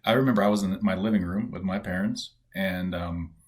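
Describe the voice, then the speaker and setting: A middle-aged man from Canada with a very low voice spins relaxed stories as a podcast guest. He talks casually, full of fillers, and acts out the quoted voices of others. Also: a little fast. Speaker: guest, former pro baseball player. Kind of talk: casual storytelling.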